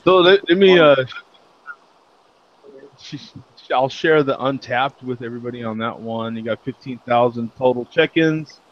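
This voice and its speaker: A man's voice: mid-range voice, normal speed, pauses often, dull audio, slight background noise. A man hosting a casual beer chat show, laughing often and joking as he reads out tasting notes. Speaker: podcast host.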